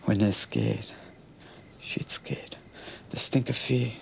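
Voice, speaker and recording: An actor playing a leering, menacing Australian criminal who talks crudely and often drops into a rasping whisper. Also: male voice, on the low side, moderate pace, slight background noise, close to an everyday voice. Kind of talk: TV police drama acting.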